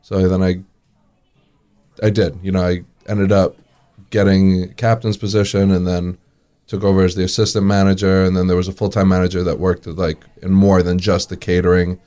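A deep-voiced man tells his story in a relaxed, chatty way. He chuckles as he goes and leans on fillers like "you know" and "uh." He speaks as a guest in a casual interview. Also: moderate pace. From New York area. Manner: lively storyteller, chuckles often, many fillers.

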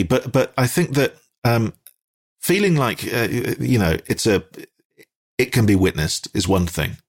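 A man's voice: on the low side, husky. A British man chatting as a podcast guest, rambling with many ums and restarts and livening up when he acts out little exchanges. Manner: animated when acting out quoted exchanges. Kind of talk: casual conversation.

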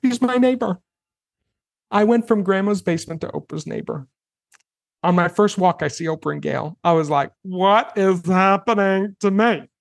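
A man in his thirties, a guest on an interview podcast, telling his story in a casual, animated way and acting out his own past reactions. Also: high voice, normal speed, vocal fry, pauses often, no echo, clean studio sound.

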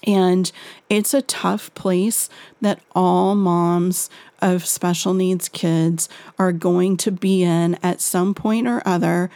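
A woman, a parenting author, giving gentle and reassuring advice to parents in a monologue. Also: fairly low pitch, steady tone, slow pace, no echo.

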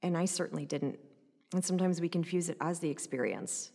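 A woman recounting a personal story in an animated, conversational way, often adding "like" and "right?". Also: fairly low pitch, brisk, vocal fry, in a large hall.

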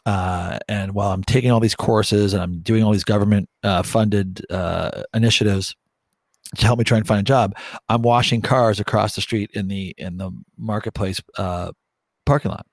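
A man from Bermuda co-hosting a podcast, telling a story in casual chat, animated and joking, with the odd swear for laughs. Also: lowish voice, normal speed, dry recording. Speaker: podcast co-host.

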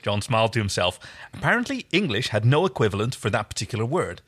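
A man's voice: on the low side, big pitch swings, fast, fairly bright tone, husky. A man co-hosting a podcast, reading fan fiction aloud with wry, chatty asides. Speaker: podcast co-host.

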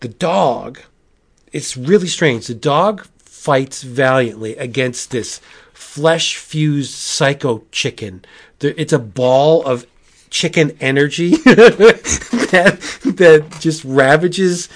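A man hosting a casual comic book review podcast, rambling and animated, with frequent asides and restarts. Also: fairly high pitch, slow. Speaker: podcast host.

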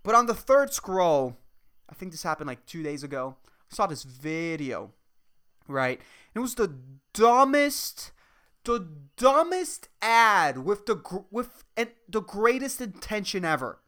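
A man's voice: sits high, sing-song, unhurried, bright, forceful tone, clean tone. A young adult man hosting a casual solo podcast, ranting with lots of swearing and laughing at himself. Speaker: podcast host and comedian.

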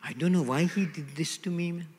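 A man's voice: on the high side, fairly quick, darkish tone, a little hiss or hum, close to an everyday voice. A man voicing a whining, self-pitying man who stands for the victim spirit, in a sing-song, mock-sobbing way, in an echoey hall. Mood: whiny.

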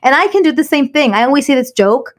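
Fast-talking animated woman storyteller. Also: high voice. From United States. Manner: animated storyteller mixing English and Spanish. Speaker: podcast co-host. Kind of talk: casual chat.

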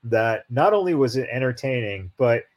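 A man's voice: medium pitch, animated, moderate pace. A man cohosting a casual wrestling podcast, talking hesitantly with many fillers. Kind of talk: casual panel chat.

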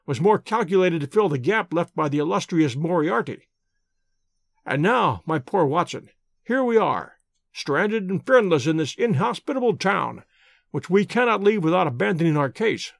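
Man playing a wry, measured detective. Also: high voice, expressive, vocal fry, dry recording, clean studio sound, exaggerated voice. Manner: measured, courteous, gently ironic. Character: shrewd, calm male detective, dry and wry.

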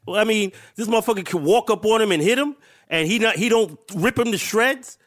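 A man's voice: high-pitched, a little fast, fairly bright tone. A man co-hosting a podcast, answering with short slangy reactions in casual chat. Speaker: podcast co-host.

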